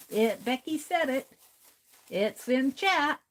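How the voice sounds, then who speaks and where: A woman's voice: high voice, expressive, drawn-out words. A woman hosting an art livestream, chatting casually while she draws and reading viewer comments aloud with easy laughter.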